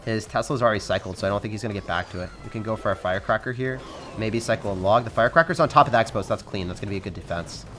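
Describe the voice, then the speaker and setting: A young man giving fast, excitable live commentary over his own gameplay, calling out to viewers as guys. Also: fairly low pitch, faint music behind. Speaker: game commentator.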